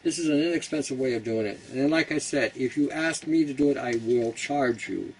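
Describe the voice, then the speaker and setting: A man's voice: mid-range voice, fairly quick, far from the mic, a little hiss or hum, rough recording. A Canadian man hosting a casual how-to talk, blunt and rambling, who laughs at his own jokes. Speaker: host.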